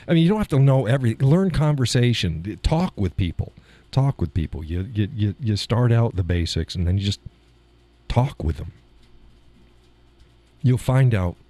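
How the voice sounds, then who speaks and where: Texan guy hosting a live stream, low mellow voice, laughs a lot, chatty. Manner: chuckling, drawling, trails off into mumbled asides. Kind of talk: casual chat reading viewer comments.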